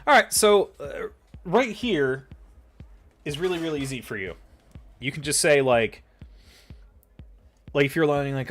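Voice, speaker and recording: A man's voice: medium pitch, expressive, unhurried, pauses often, a bit bright. A man giving casual advice on running tabletop games, thinking aloud and swearing freely as he types notes. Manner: loose and profane, swearing casually; thinks aloud, lots of fillers and trailing off. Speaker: dungeon master giving advice. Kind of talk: casual tutorial while typing notes.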